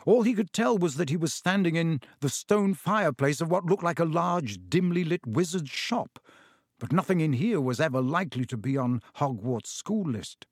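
A man narrating a fantasy audiobook in a measured, steady storytelling manner. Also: on the high side, breathy edge, no room sound, studio quality.

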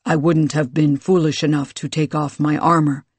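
A man's voice: fairly high pitch, level tone, normal speed, breathy edge, no echo. A narrator voicing a guarded male fighter who speaks in a level, matter-of-fact way in an audiobook. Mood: flat, formal.

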